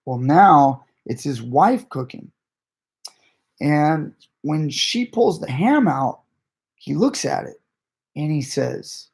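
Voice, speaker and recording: A man's voice: fairly high pitch, animated, slow, creaky, darkish tone, slightly rough. A man coaching grappling, chatting on a late-night live stream in a rambling, conversational way that often restarts sentences. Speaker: jiu-jitsu coach and channel host.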